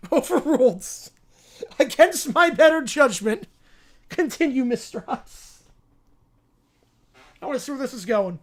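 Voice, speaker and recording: A man's voice: very high voice, animated, measured pace, long pauses. A man voicing a stern, weary male judge who speaks dryly and impatiently.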